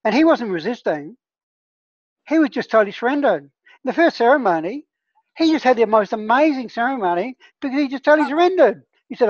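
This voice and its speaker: A woman's voice: a little high, lively intonation, fairly quick, no room sound, muffled recording. A woman who trains healers, leading an online discussion group in a casual, earnest teaching tone and often checking in with her listeners.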